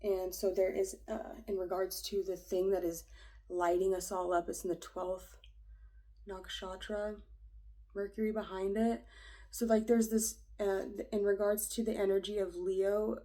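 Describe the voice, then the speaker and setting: A woman's voice: medium pitch, flat delivery, measured pace, warm tone, rough recording. A young woman reading an astrology chart aloud in a casual, rambling way, hesitant and full of fillers, often dropping to a whisper. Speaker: astrology reader.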